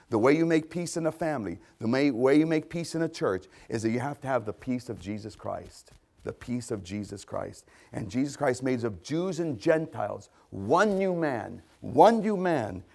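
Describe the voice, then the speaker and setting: A middle-aged man preaching a sermon, repeating key phrases and swinging between loud declarations and hushed asides. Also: mid-range voice, gravelly.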